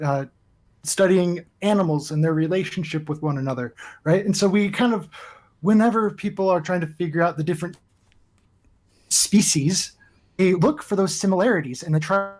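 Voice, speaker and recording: A man with a fairly high voice calls into an online debate from home. He is relaxed and laughs easily, linking one thought to the next in loose run-on chains. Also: normal speed. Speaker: guest caller. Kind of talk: casual debate chat. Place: home with chickens right outside.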